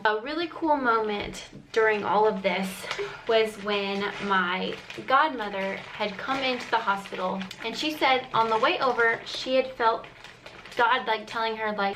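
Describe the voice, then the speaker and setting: A woman's voice: fairly high pitch, a little slow, fairly bright tone, a little hiss or hum, low-quality recording. Earnest young woman vlogger retelling a story. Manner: earnest, emotional retelling with frequent "like" fillers. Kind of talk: chatty personal storytelling.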